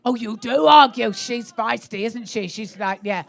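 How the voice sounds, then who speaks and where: A woman's voice: a little high, measured pace, creaky. Sweary woman comic teasing the crowd. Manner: blunt, sweary, teasing audience members. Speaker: stand-up comedian. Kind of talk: live stand-up crowd work. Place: comedy club stage.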